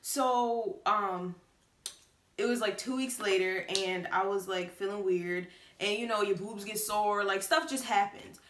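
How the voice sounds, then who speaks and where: A woman's voice: medium pitch, unhurried, a bit bright, roomy sound, slight background noise. A late-teen woman telling a personal story to the camera, chatty and casual with many fillers. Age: late teens. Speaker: vlogger.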